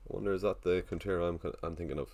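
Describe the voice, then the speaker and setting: A man's voice: deep voice, very fast, darkish tone. A man casually chatting on a live stream, thinking aloud and greeting viewers in the chat. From Ireland.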